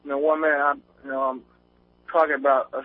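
A man's voice: mid-range voice, little pitch movement, fast talker. A man calling in to a radio show from outdoors on a windy day, nervous and rambling, with many fillers and restarts. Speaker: caller. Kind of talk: nervous call-in chat. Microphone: phone line. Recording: tinny phone line.

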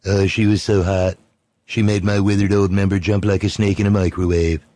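A man doing a low, gruff impression of a crude, boastful old man. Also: level tone, normal speed, warm tone, no room sound, natural voice. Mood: leering.

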